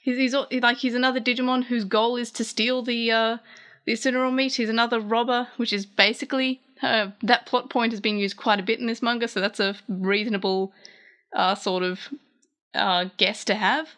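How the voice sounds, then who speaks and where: A woman's voice: fairly high pitch, steady tone, normal speed, a bit bright. A young woman, chatting casually as a channel host while she translates a comic and thinks aloud.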